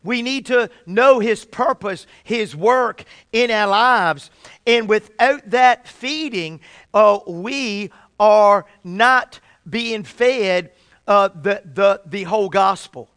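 A fervent male preacher with a high, smooth, resonant voice. He often restarts his phrases and stretches his key words slowly. The sound is close and dry. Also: fairly bright tone, no room sound. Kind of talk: sermon.

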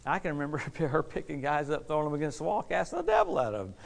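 A man preaching a lively sermon to a responding congregation, exuberant, laughing often and repeating key phrases for emphasis. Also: a little high, racing, vocal fry. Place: church service with a responding congregation.

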